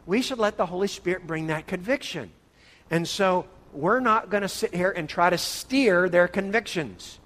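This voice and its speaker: A man's voice: high voice, moderate pace, a bit bright. Playful male Bible teacher in a reverberant hall. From northern United States. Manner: playful, calls on listeners by name. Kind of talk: interactive church teaching session.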